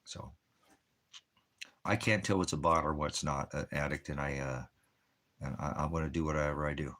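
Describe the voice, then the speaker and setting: This American veteran's voice rumbles low and a bit bright, with fairly even intonation at a moderate pace. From the desert, he runs a ministry livestream and angrily tears into his chat viewers, swearing heavily.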